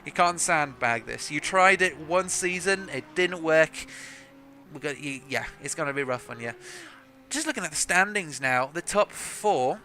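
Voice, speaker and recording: A man's voice: fairly high pitch, lively intonation, moderate pace, bright, forceful tone, slight background noise. A young man from South Africa giving live sim racing commentary in a chatty, joking, self-deprecating way. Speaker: race commentator.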